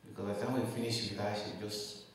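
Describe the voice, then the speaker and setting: A man's voice: on the low side, flat delivery, fast talker. A man preaching a sermon as pastor, driving his points home with rising emphasis and rhetorical questions. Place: church hall. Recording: echoey hall, mic at a distance.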